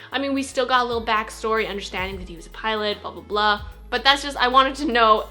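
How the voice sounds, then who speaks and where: Casual female guest reviewer, bright tone. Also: medium pitch. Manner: chatty, with fillers and repeated qualifiers.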